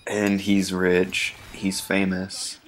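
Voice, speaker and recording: A man's voice: low voice, completely flat delivery, very slow. A man giving casual, rambling gameplay commentary, chatty and full of ums, chuckling often.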